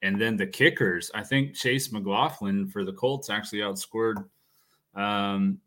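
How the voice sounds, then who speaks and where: A man co-hosting a casual sports show, relaxed and agreeable. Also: fairly low pitch, unhurried. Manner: relaxed, agreeable, short backchannels. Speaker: co-host.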